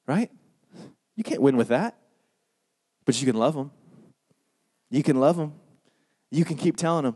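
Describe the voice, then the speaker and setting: Male preacher, sermon, high voice, sarcastic, punchy, swings loud to hushed. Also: moderate pace, pauses often.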